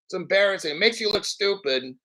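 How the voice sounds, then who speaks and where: A male crypto host rants on his live stream in a brash, mocking manner, swearing freely. His voice sits fairly high for a man. He clears his throat again and again between points. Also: animated, a little fast, sharp tone, low-quality recording.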